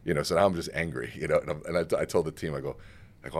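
In a podcast studio, a male guest speaker and author tells stories fast and emphatically during an animated interview, swearing and acting out quotes. His voice is very deep with a steady tone.

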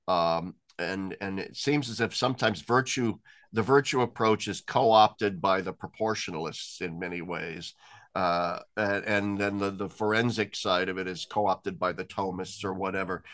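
A man from the American Midwest hosting an interview, speaking in long, measured, thoughtful sentences. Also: lowish voice, fairly bright tone. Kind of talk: conversational interview.

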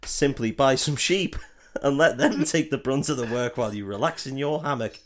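A man co-hosting a comedy podcast, handing out absurd life tips in a deadpan way and laughing often. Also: medium pitch, normal speed. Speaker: podcast co-host. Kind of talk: casual comedic banter.

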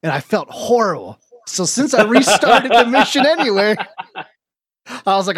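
Podcast guy, kinda high voice, dry close sound, gets worked up and laughs a lot telling stories. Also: measured pace, husky, no echo. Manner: animated storytelling, laughs often, swears. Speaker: podcast host. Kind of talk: casual podcast chat.

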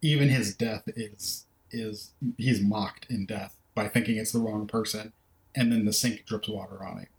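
Low-voiced man in an echoey room. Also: fairly even intonation, moderate pace. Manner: thoughtful, recounts scenes in detail. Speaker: podcast co-host. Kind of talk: casual film discussion.

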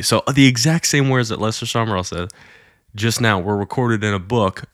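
A man's voice: fairly low pitch, fairly quick, a bit bright, no room sound, studio quality. A man casually retelling a Christian miracle story in a conversational way, with fillers and quoted lines acted out.

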